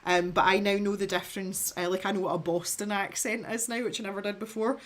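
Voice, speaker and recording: A Scottish woman with a light, mild accent hosts a relaxed art livestream. She chats in a rambling, easygoing way, reads viewer comments aloud and laughs often. Her pitch sits in a middle range for a woman. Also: quick pace. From Scotland. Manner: chatty and rambling, laughs often, frequent restarts. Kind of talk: casual chat, reading viewer comments aloud.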